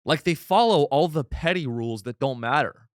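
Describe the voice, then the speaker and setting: A man hosting a comedy podcast, delivering a deadpan, rambling satirical monologue full of restarts. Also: on the high side, moderate pace, no room sound, clean studio sound. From United States.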